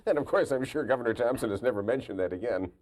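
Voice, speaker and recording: A man's voice: medium pitch, expressive, quick pace, darkish tone, slight background noise. A man interviewing a guest for a 1999 television program, prompting him with short questions. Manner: prompting questions, brief acknowledgements.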